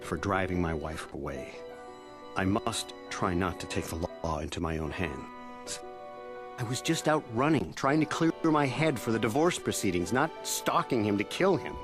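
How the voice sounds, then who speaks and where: A defensive settler suspect voiced by a man pleads his innocence in a lowish voice that rises and falls a great deal. He sounds earnest and flustered, with a studio game-dialogue delivery. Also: expressive, moderate pace, over music, natural voice. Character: defensive middle-aged male settler suspect. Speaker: game character. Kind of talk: studio video game voice acting.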